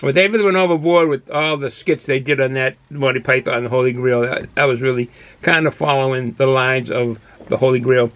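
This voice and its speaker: A man's voice: medium pitch, steady tone, brisk, fairly bright tone, no echo. An older man with a Boston accent, reviewing beers in a rambling, folksy monologue from his home den, with lots of fillers and restarts. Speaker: beer reviewer. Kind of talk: casual product review monologue. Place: cool home den he calls a man cave.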